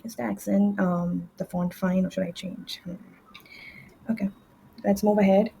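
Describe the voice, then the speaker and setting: A woman tutoring French, explaining verb endings step by step with fillers and quick self-corrections, at a desk with a computer mic. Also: medium pitch, steady tone, creaky, mellow, a little hiss or hum, poor audio. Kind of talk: screen-share language lesson.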